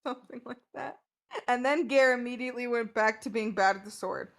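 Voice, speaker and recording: A woman's voice: on the high side, fairly quick, vocal fry, a crowd in the background. A woman player in a tabletop game, explaining things matter-of-factly in casual chat.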